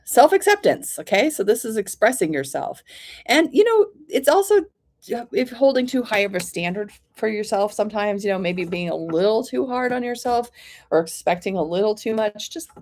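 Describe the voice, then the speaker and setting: A woman of middle pitch reads oracle cards for her live viewers one by one. She talks in a gentle, reassuring, chatty way, greeting each person by name, and often pauses to clear her throat. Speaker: oracle card reader. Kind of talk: live-streamed card reading.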